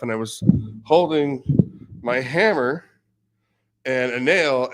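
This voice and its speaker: A man hosting a podcast, swearing a lot and laughing through his stories in casual chat. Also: medium pitch. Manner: profane, loud storytelling with frequent laughter. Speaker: podcast host.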